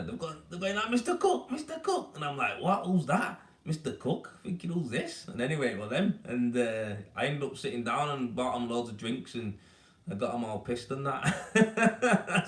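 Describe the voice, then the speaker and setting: A man with a Yorkshire accent, chatting casually and matily to viewers on a live stream about his rendering work. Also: mid-range voice. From Yorkshire, England. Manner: laid-back, matey, rambling. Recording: echoey room, mic at a distance.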